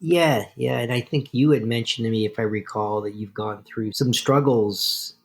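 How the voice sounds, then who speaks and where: A man from Canada, a podcast guest, telling stories in a casual, animated interview. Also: mid-range voice, moderate pace.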